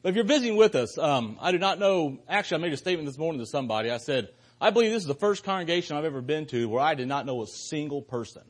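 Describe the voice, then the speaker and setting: A man's voice: a little high, animated, fast, hardly any pauses. A man preaching a sermon to a church congregation as a visiting speaker, earnest and building to fervent emphasis.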